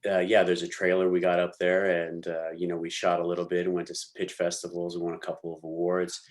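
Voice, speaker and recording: A young adult man, an actor guest, telling lively stories in a casual interview and acting out what people said. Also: deep voice, fast talker. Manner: animated storyteller, slangy, acts out quotes.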